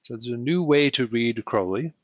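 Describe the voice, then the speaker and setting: A man teaching in a loose, rambling lecture, often checking in with "okay?" and pausing on fillers. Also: mid-range voice, lively intonation, no echo, dull audio. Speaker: occult teacher. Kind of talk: casual lecture to camera.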